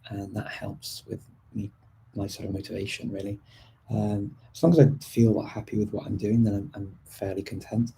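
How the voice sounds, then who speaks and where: A man's voice: on the low side, flat delivery, moderate pace, dark tone, a little hiss or hum, poor audio. A man hosting a live stream, answering viewer questions in a casual, chatty way with frequent ums and restarts. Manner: chatty, many ums and restarts, light laughs.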